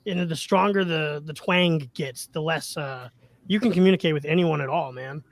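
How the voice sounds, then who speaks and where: A man's voice: fairly high pitch, moderate pace, dry recording. A man from Arkansas chatting casually on a podcast panel, laughing as he talks. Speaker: comic creator and podcast panelist. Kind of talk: casual chat.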